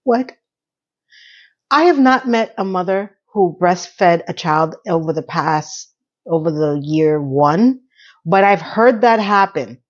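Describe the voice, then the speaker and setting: A woman's voice: on the low side, animated, slow pace, dull audio. A woman giving a casual, rambling recap of a TV episode with personal asides, acting out the characters' lines as she goes. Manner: chatty, acts out characters' lines in quotes. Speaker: TV series recap reviewer.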